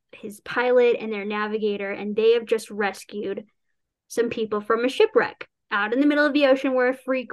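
A woman author chatting casually about her novel, rambling with restarts, acting out quotes and laughing often. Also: on the high side. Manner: laughs often while talking. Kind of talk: casual chat.

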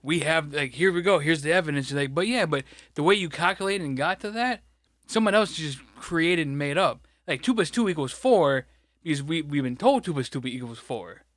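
Rambling, cursing man, slightly high voice. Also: animated, normal speed, fairly bright tone, no echo, studio quality. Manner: rambling, frustrated, swears a lot. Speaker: podcast co-host; grocery stocker. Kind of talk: casual profane chat.

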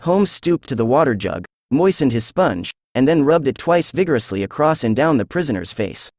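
A synthesized male voice reading a classic detective story aloud, even and measured, with little change between characters. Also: medium pitch, no room sound. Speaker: audiobook narrator. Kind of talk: scripted narration.

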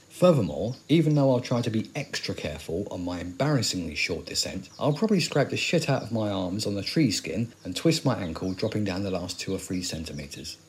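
A man's voice: fairly low pitch, a little mellow, slight background noise. A man in his forties acting a weary, sardonic survivor of a zombie apocalypse in an audio drama, talking in dry, rambling asides. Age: 40s.

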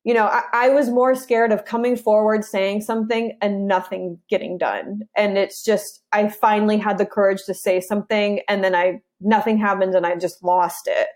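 A woman's voice: mid-range voice, steady tone, normal speed, few pauses, a little mellow. A woman in her thirties, an interview guest, telling a personal story in an earnest, conversational way with frequent restarts.

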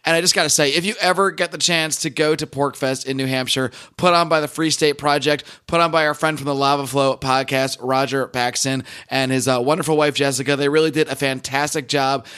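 A man hosting a podcast, hoarse and a little rough-voiced, talking in a chatty, enthusiastic way with plenty of fillers. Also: medium pitch, fairly even intonation, fairly quick, hardly any pauses, sharp tone. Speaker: podcast host. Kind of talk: casual podcast intro.

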